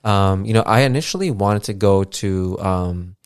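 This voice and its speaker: A fairly low-pitched, clean-toned male voice speaks at a moderate pace. He's a thirties podcast host giving a casual, rambling monologue loaded with fillers and loose swearing. The recording is dry and clean, studio-grade, from a podcast mixer setup.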